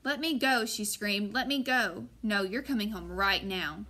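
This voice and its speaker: A woman's voice: medium pitch, unhurried, sharp tone. A woman reading an audiobook and voicing a young girl who is frantic, pleading and tearful.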